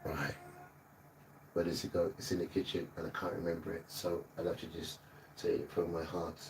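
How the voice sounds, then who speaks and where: A man's voice: deep voice, monotone, normal speed, gravelly, far from the mic, a little hiss or hum. A man preaching on a livestream, emphatic and repetitive, sometimes scolding his listeners. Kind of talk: livestreamed sermon.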